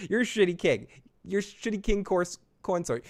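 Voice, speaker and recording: A man voicing a furious queen, ranting sarcastically at her husband in a raised, shrill voice. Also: animated, moderate pace.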